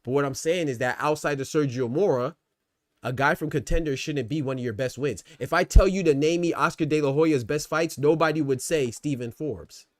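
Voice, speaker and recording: Fairly high-pitched and fairly quick, the man hosts a casual boxing talk livestream with clean studio sound and no room echo. He argues points, fields chat, and repeats phrases for emphasis.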